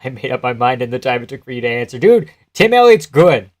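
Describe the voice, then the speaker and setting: A man's voice: medium pitch, sing-song, fast talker, darkish tone. A young man live-streaming casual commentary, laughing often, swearing and answering his chat as he talks.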